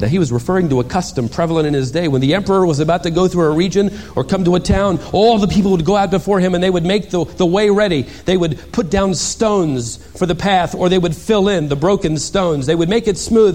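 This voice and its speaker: A male pastor preaching a sermon in an animated, dramatic way, moving from loud emphasis to hushed asides. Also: fairly high pitch.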